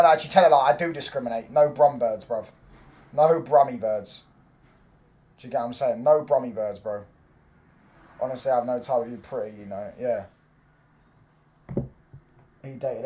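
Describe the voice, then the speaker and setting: A young man, chatting casually on a football watchalong stream, swearing freely and breaking into loud reactions to the match. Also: medium pitch. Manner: loose, swearing banter, reacts loudly to the match. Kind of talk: casual live-stream chat.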